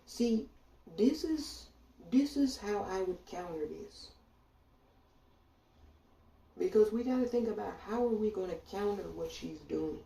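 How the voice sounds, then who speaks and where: A woman political commentator rants bluntly and profanely, speaking straight to listeners with indignation. Her mid-range voice is creaky and warm, recorded far from the mic in an echoey room.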